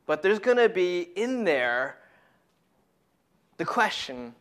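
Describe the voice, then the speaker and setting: A male preacher gives a casual sermon to young people, talking in an easy, conversational way. He stresses and repeats his key points, with a voice sitting a bit high that swings up and down a lot. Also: sing-song, takes it slowly, a bit bright.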